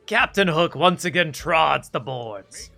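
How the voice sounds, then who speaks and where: Guy putting on a vain scottish pirate captain, big showy speeches, bright voice. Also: a little high, animated, takes it slowly, gravelly, faint music behind, exaggerated voice. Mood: boastful. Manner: grandiose, theatrical speech. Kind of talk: voicing game dialogue on a stream.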